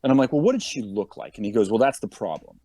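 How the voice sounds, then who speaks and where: A man's voice: lowish voice, quick pace, slight background noise. A man telling a story in casual chat, acting out the people in it as he goes. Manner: animated, acts out quotes of others. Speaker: podcast guest, police officer.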